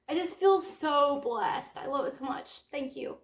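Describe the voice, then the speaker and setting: A woman chatting excitedly as a book vlogger, gushing with drawn-out exclamations. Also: high voice, reverberant. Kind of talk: casual vlog chat.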